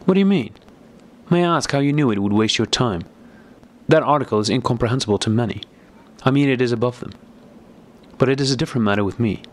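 A man's voice: mid-range voice, fast talker, voice pushed up, lightly acted. A man reading as a bitter, irritable older brother, speaking in an agitated, raised voice. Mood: scornful.

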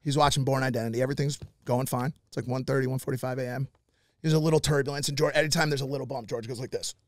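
A man on a podcast telling an animated story, swearing often and acting out what other people said. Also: mid-range voice, rapid-fire, no echo, clean studio sound. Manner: animated, swears a lot, acts out quotes. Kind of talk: animated storytelling, casual chat.

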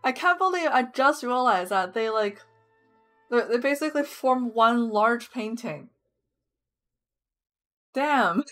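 A woman's voice: on the high side, animated, slow, pauses often, a bit bright. A young woman streaming a game, chatting casually with viewers, reading chat aloud and giggling often. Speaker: live streamer. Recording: music playing behind the voice.

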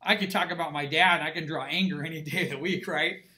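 A man's voice: fairly high pitch, fast, bright, forceful tone. A middle-aged man, an art instructor, giving a classroom lecture in an emphatic, conversational way and checking in with his students often.

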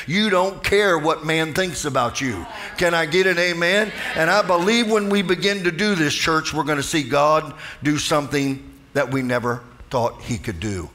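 A man's voice: mid-range voice, a bit bright. A man preaching a fervent sermon as pastor, calling out to the congregation for responses.

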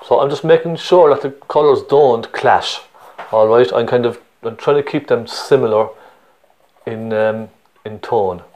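A man's voice: mid-range voice, a little slow, a little mellow. A man with a Cork Irish accent talks through an oil painting tutorial step by step. His delivery is chatty and encouraging, and he keeps checking that the viewer is following along. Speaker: painting teacher.

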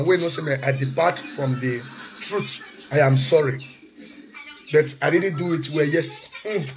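A man in an emotional monologue, switching between shouting, pleading apologies and snatches of song, with Pidgin mixed in. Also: high voice. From Nigeria. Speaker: social media commentator. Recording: faint music behind.

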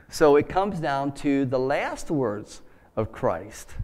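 A man's voice: medium pitch, big pitch swings, takes it slowly, a little mellow. Folksy man preaching a sermon. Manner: conversational, folksy, with many fillers. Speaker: pastor. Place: church.

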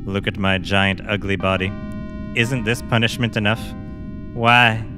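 A man's voice: on the low side, fairly even intonation, measured pace, over music, lightly acted. A man voicing a pitiful old male scientist turned monster, whiny and pleading. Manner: whiny, pleading, self-pitying.

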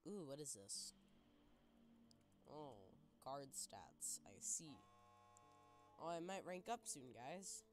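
A young woman narrates her gameplay to viewers, quick to exclaim and cry out. Her voice swings widely in pitch, from low mutters to high yelps. Quiet game music plays faintly behind her. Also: sing-song. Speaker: gaming YouTuber. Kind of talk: gameplay commentary.

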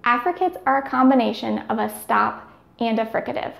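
A woman's voice: fairly high pitch, lively intonation, a little fast, gravelly, fairly bright tone, echoey room. A woman giving scripted speech therapy instruction, carefully demonstrating each sound.

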